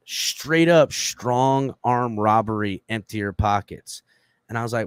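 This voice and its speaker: Animated, profane male storyteller. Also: medium pitch, moderate pace, no room sound, clean studio sound. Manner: acts out quoted lines in raised voice. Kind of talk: casual podcast chat.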